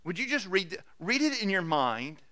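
A man preaching a sermon as pastor, earnestly urging his congregation, swinging from loud exhortation to quiet, intimate asides with frequent restarts. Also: sits high, sing-song, normal speed, dry recording.

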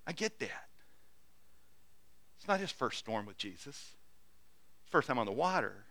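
A pastor preaches a sermon in a medium-pitched, very animated voice, a little slow, on a dry recording. He earnestly urges his congregation, swinging between loud exhortation and quiet, intimate asides, often restarting his sentences.

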